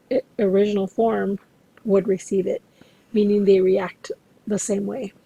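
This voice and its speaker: Husky, gravelly-voiced woman instructor. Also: mid-range voice, warm tone, no room sound, low-quality recording. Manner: explanatory, measured, addresses students directly. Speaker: interpreting instructor. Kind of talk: recorded lecture.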